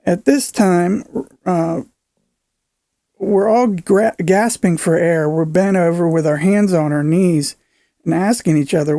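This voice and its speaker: A man narrating a viewer's frightening encounter account in an earnest, halting way, with fillers and restarts. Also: high voice, warm tone, dry recording, clean studio sound. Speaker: narrator reading a viewer's email.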